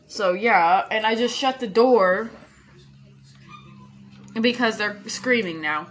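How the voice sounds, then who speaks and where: A woman's voice: medium pitch, slow pace, fairly bright tone. A woman hosting a casual solo podcast from her bedroom at home, rambling and chatty, swearing freely and laughing often. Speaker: podcast host. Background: puppies crying.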